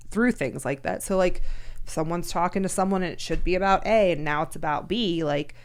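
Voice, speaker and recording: A woman's voice: on the low side, brisk, clean tone. A woman co-hosting a podcast in casual chat, talking loosely with lots of "like," frequent laughs and free swearing. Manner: chatty, laughs often, swears freely, heavy use of "like".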